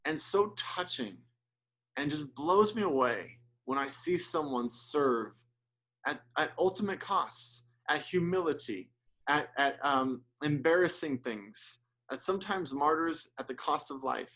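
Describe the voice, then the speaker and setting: A man's voice: fairly high pitch, lively intonation, measured pace, fairly bright tone. Earnest, conversational male pastor preaching. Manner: earnest, gets emotional and choked up; conversational with restarts and asides. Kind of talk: sermon.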